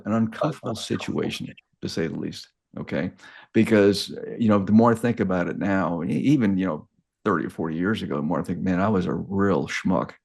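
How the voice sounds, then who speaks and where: A man in his sixties with a very deep, low-pitched voice tells a long personal story. He talks in a halting, casual way, stopping and restarting phrases and repeating small words as he searches for them. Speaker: guest.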